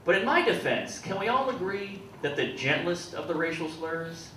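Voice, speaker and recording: Young male comic in his twenties, dry and deadpan with quick restarts, recorded from afar in an echoey club. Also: high voice, distant mic. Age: 20s. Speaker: stand-up comedian. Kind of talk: stand-up comedy set. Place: comedy club stage. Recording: echoey club heard from afar with loud room noise. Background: audience laughter.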